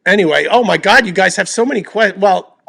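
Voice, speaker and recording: Man, podcast host, high voice, gravelly fry, profane casual chat. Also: animated, sharp tone. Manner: profane, joking, quick to answer viewers. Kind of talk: casual chat reading live comments.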